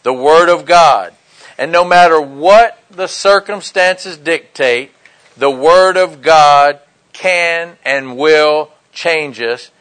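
Middle-aged male preacher, high and bright, sermon delivery, acts out quotes within his stories. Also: takes it slowly, clear, resonant tone, rough recording. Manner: storytelling with acted-out quotes.

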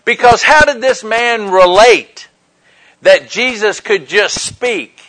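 A man's voice: sits high, animated, slow, sharp tone, rough recording. A middle-aged man preaching a sermon, telling stories and acting out the quoted lines. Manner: storytelling with acted-out quotes.

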